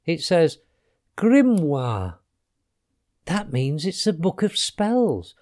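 A man's voice: on the high side, big pitch swings, drawn-out words, darkish tone, exaggerated voice. A man voicing a curious young girl who speaks eagerly and asks questions.

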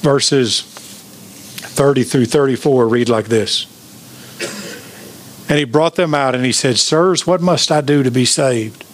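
A pastor preaching an emphatic sermon, asking the congregation questions. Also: male voice, medium pitch, takes it slowly, long pauses, slight background noise.

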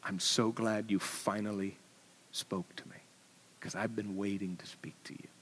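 A man voicing a huge, gentle male lion in a hushed, half-whispered way while retelling a story from the pulpit. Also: mid-range voice, fairly even intonation, normal speed, a little hiss or hum, lightly acted, low-quality recording. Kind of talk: sermon storytelling.

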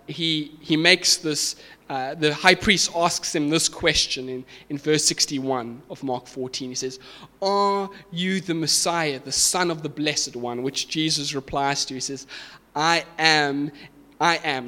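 A man with a fairly high, sharp-toned voice preaches to a congregation, explaining scripture with emphatic, rising intensity that builds to raised, fervent peaks. The sound carries the reverb of a large hall.

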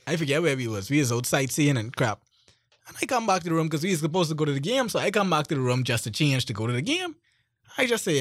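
A man's voice: on the high side, fast talker, no echo, clean studio sound. A man, co-hosting a casual chat and telling stories with quoted voices. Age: 20s. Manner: animated, storytelling with quoted voices. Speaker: podcast co-host.

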